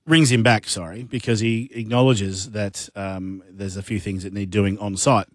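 An Australian man with a deep voice, co-hosting a radio show and telling a yarn in casual banter, slipping into gruff tradie voices. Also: steady tone, moderate pace, dry recording, clean studio sound. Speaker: radio co-host.

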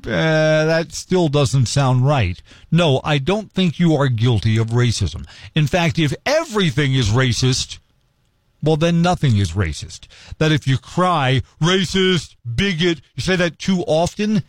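A man hosting a morning radio talk show, giving his opinion in an earnest, animated way and jumping high when he acts out crowd chants. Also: no echo. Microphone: studio microphone.

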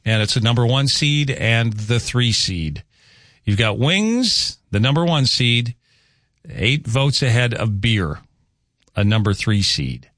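A man's voice: mid-range voice, sing-song, slow pace, fairly bright tone, no echo, clean studio sound. Chatty male morning radio host. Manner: chatty, joking, reads listener texts aloud. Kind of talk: casual radio chat. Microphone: studio microphone.

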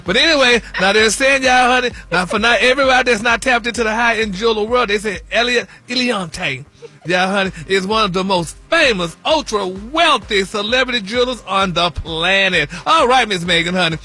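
Man, sassy radio gossip host, high voice, bright tone, faint music bed. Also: brisk, slightly rough. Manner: sassy, peppers talk with "honey" and "y'all". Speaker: celebrity news host on a radio show. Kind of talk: gossipy casual talk radio.

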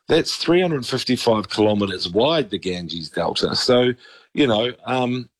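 A man's voice: medium pitch, lively intonation, measured pace, dry recording. A man, a regular commentator chatting about sport on radio in an opinionated, rambling way. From New Zealand. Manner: chatty, opinionated, with frequent restarts. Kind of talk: casual radio sports chat.

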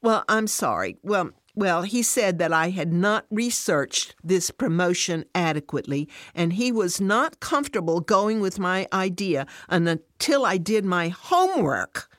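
A woman's voice: on the low side, very animated, a little slow, hardly any pauses, no room sound, clean studio sound, voice pushed up. A woman reading as a touchy, tearful working mom. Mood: defensive. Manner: indignant, near tears. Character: defensive, touchy working mother, adult woman.

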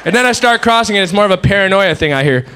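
Lively, high-voiced male stand-up comic. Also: very fast, clean tone, some chatter behind. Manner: wry, profane, rambling asides. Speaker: stand-up comedian. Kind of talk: stand-up routine. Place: stage in a live venue. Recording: noisy live stage recording.

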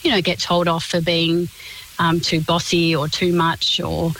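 Measured woman explaining clearly. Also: on the low side, completely flat delivery, fairly bright tone, slight background noise, rough recording. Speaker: communications specialist guest. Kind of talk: radio interview answers.

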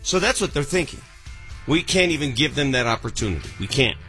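A man's voice: mid-range voice, sing-song, a little fast, fairly bright tone, soft background music. A man co-hosting a casual sports talk show, matter-of-fact and teasing.

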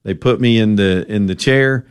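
A male radio host from Alabama, telling stories in an animated, ad-libbing talk radio manner and reading a sponsor plug. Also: lowish voice, normal speed, clean tone, no room sound, studio quality. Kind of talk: talk radio chat and storytelling.

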